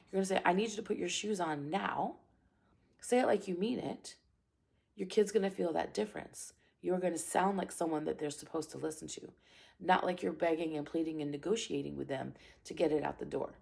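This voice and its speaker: Husky, gravelly karate instructor woman. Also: fairly low pitch, a little fast. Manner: calm, direct and emphatic, with repeated phrases. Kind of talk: parenting advice talk.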